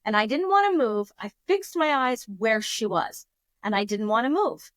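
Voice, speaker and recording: A woman in her fifties, a podcast guest telling a story in a lively, emotional way, with frequent restarts. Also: fairly high pitch, normal speed, no room sound. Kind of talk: casual storytelling.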